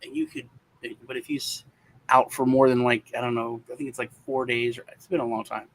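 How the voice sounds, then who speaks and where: A man chatting casually, telling lively stories about his kids and acting out their voices. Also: mid-range voice, a little fast, slight background noise. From Texas. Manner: animated, acts out his kids' voices. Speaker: co-host. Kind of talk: casual storytelling chat.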